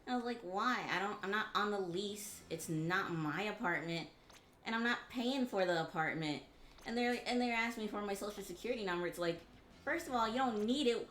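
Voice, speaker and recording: A woman from Georgia in the US, a guest on a game stream, venting in blunt, profane talk with halting restarts. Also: medium pitch, fairly bright tone, a little hiss or hum. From Georgia, USA. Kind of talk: casual chat on a game stream. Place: home room. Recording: roomy echo.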